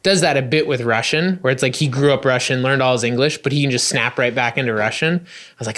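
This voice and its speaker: A man hosting a podcast in a casual, animated way, peppering his speech with "like". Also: medium pitch, quick pace. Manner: animated, leans on "like" as filler. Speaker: podcast host. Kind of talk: casual conversation.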